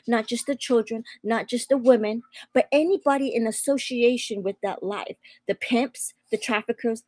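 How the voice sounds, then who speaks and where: A woman's voice: fairly high pitch, no echo. Fervent young woman giving testimony. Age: young adult. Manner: fervent, emphatic, repeats phrases for stress. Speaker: guest sharing her testimony. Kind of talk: personal faith testimony.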